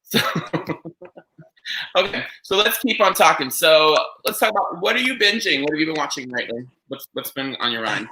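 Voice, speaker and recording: A man hosting a casual chat podcast, telling stories in a rambling, animated way. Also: a little high, quick pace, few pauses, a little hiss or hum, low-quality recording. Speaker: podcast host.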